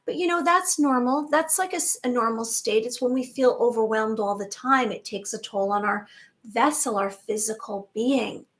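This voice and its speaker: A woman with a grown daughter giving an earnest spiritual monologue to her viewers, soft and reassuring, with many rhetorical questions. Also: a little high, moderate pace. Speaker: spiritual channel host.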